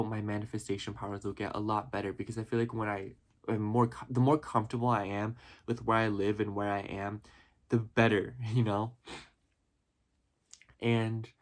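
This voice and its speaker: A man vlogging casually about his life, earnest and rambling, full of "you know" and "like", getting emotional at times. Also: lowish voice. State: emotional, near tears at times. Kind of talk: reflective casual vlog talk.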